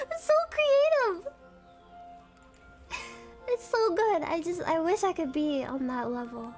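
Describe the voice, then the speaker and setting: Young woman streamer, very high, giggly, rambling casual chat. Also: expressive, takes it slowly, pauses often, darkish tone, faint music behind. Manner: giggly, rambling, self-conscious fangirling.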